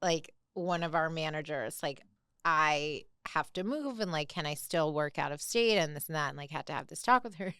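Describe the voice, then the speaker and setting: A woman's voice: lowish voice, smooth, no echo, studio quality. A woman co-hosting a podcast, telling stories in casual chat and acting out other people's lines. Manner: animated storyteller who mimics voices, lots of "like". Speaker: podcast co-host.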